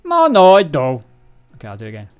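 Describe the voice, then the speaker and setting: A man's voice: mid-range voice, measured pace, highs cut off, soft background music. Rambling, self-mocking male streamer. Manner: rambling, self-mocking, stumbles over words. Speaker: livestreamer reading a programming book. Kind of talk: casual live-coding walkthrough.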